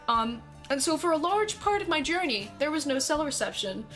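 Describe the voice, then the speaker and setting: Young woman streamer, higher voice, animated anecdote delivery, heavy swearing, soft music bed. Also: normal speed. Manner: animated, swears constantly, acts out quotes. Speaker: streamer telling a story. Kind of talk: casual storytelling to stream chat.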